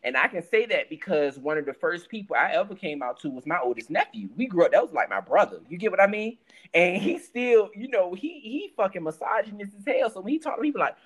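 A young man co-hosting a podcast, telling stories in a loose, animated, slang-heavy way. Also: high-pitched, fast talker, rough recording. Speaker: podcast co-host. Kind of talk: casual podcast chat.

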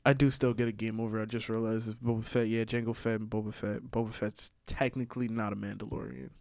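A man co-hosting a casual podcast chat, animated and laughing, acting out scenes from a show. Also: on the low side, fast, creaky. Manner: animated, laughs often, acts out lines from the show. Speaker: podcast co-host.

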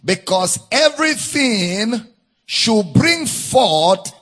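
A male preacher with a Nigerian English accent delivers a slow, deliberate sermon. His voice is high and swoops up and down in a sing-song way, with a slightly husky edge, and he repeats key lines for emphasis. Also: sing-song, fairly bright tone. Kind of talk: sermon, Bible teaching.

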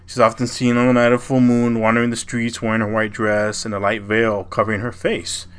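A man's voice: mid-range voice, completely flat delivery, brisk, a bit bright, clear, resonant tone. A man co-hosting a podcast, casually retelling a legend in a loose, profane way, with frequent "you know" and "like". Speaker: podcast co-host. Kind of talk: casual storytelling chat.

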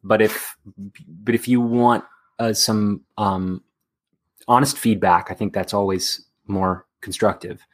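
A man's voice: fairly low pitch, fairly even intonation, takes it slowly. A man from Texas, an actor, chatting candidly in an interview with many fillers and restarts. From Texas, USA. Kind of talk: casual interview chat.

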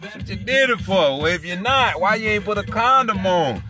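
Profane rambling radio host over music. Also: male voice, sits high, expressive, normal speed. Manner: profane, rambling, laughs at own jokes. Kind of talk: loose comedic monologue. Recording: music playing underneath.

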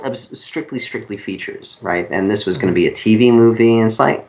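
Low-voiced New Yorker, rambling storyteller. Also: male voice, dull audio. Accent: New York. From New York. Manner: rambling, self-correcting, halting storyteller. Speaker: guest screenwriter. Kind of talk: casual interview storytelling.

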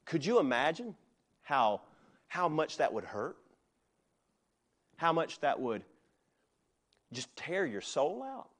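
A man's voice: fairly high pitch, very animated, slow, pauses often, fairly bright tone. A middle-aged male pastor preaching a sermon in a conversational way, with joking asides.

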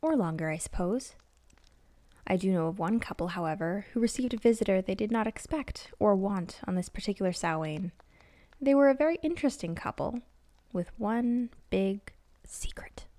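A woman telling a spooky story in calm, measured scripted narration, close to the mic. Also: medium pitch, dry recording.

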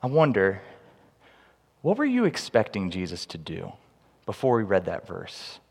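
Male pastor, sermon, animated and lively with humor; long hall reverb. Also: deep voice, a little slow, gravelly, husky.

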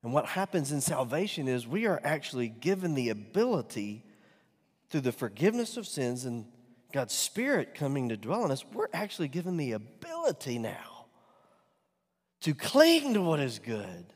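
A male pastor preaching a sermon. He swings from loud, emphatic peaks to soft, near-whispered lines and asks the congregation rhetorical questions. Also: medium pitch, big pitch swings, moderate pace, breathy edge. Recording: long hall reverb.

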